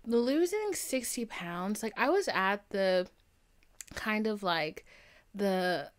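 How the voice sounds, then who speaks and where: A young woman hosting a podcast, telling stories in a casual, animated monologue that swings from low murmurs to excited bursts. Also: slow pace. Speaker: podcast host.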